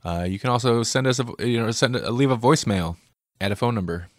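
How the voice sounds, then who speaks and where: A man's voice: medium pitch, fast, no room sound, studio quality. A man co-hosting a comic book podcast, chatting casually and rambling with lots of "like". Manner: rambling, with lots of "like" and self-deprecating laughs. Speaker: podcast co-host. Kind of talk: casual chat.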